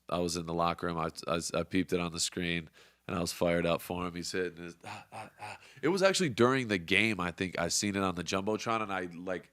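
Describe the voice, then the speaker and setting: Young male podcast host, low smooth voice, hyped and profane, dry close sound. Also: fairly bright tone, no echo. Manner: fired-up, profane, motivational. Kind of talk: casual sports podcast chat.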